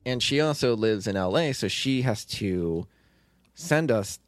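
A man's voice: medium pitch, expressive, unhurried, no room sound. A man hosting a casual podcast chat, easygoing and agreeable, often nodding along with short replies. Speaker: podcast host and show creator.

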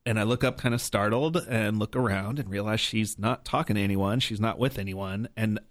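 A man with a fairly low voice recounts a personal story as a guest. He is earnest and reflective, leaning on "like" and "right?" as he talks. The sound is dry and close to the mic. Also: fairly quick, no echo. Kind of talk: conversational storytelling.

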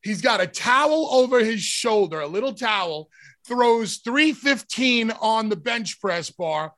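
A man and former wrestler telling stories in a casual chat, animated and emphatic. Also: high voice, measured pace. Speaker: podcast co-host, former wrestler.

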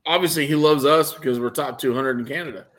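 A man co-hosting a podcast, opinionated and blunt, swearing casually in relaxed chat. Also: mid-range voice, quick pace. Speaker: podcast co-host. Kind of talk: casual chat about wrestling.

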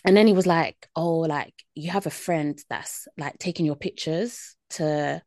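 A woman's voice: sits low, measured pace, a little mellow, dry recording, clean studio sound. A woman, co-hosting a podcast and telling stories in a laid-back way with many fillers. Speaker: podcast co-host. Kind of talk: casual chat.

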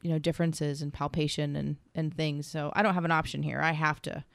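A middle-aged woman, a massage therapist, works through a questionnaire in casual chat, laughing often and quoting others in lively voices. Her voice is deep, brisk and creaky, and the recording is dry.

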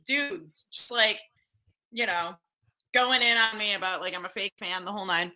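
A woman guest telling a story in casual chat, animated and full of fillers. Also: mid-range voice, normal speed, low-quality recording. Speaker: podcast guest.

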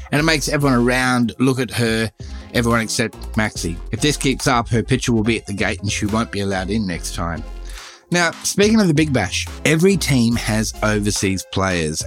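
A middle-aged Australian man hosting a podcast, telling stories in a chatty, animated way and jumping up in pitch for emphasis. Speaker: podcast host. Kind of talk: casual storytelling monologue.

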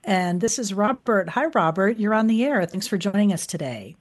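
A woman hosting a call-in radio show, chatty and relaxed with lots of fillers. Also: medium pitch, normal speed.

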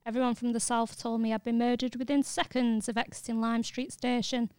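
A woman co-hosts a podcast with a voice pitched a little high. She reads listener questions and chats in brisk, short replies. The sound is close and dry. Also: little pitch movement, darkish tone, clean tone, no room sound. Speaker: podcast co-host. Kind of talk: casual studio chat, reading listener questions.

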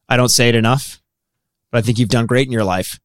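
A man imitating his father as a halting, solemn parent who stumbles before speaking. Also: medium pitch, fairly even intonation, a bit bright, clean tone, no echo, studio quality, pitched below the performer's own voice, close to an everyday voice. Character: stern, halting middle-aged father.

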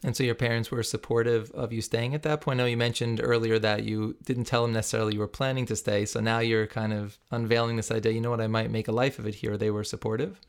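A woman interviewer with an unusually deep, low voice. She asks curious follow-up questions that draw the guest's story out. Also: flat delivery, fast talker, hardly any pauses.

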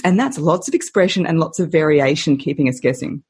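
A woman voice coach on a podcast interview, expressive and playful, laughing often and using lively analogies. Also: low-pitched, a little fast, husky.

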